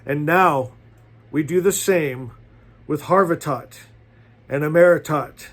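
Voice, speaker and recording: A man's voice: fairly high pitch, takes it slowly. A man teaching as a spiritual leader, reading passages aloud and preaching to his followers in a fervent, exhorting way. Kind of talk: inspirational sermon reading aloud.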